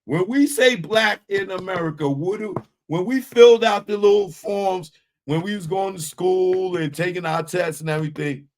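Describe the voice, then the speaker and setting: A man hosting a live current-events commentary show, ranting hotly with profanity and rhetorical questions. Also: high-pitched.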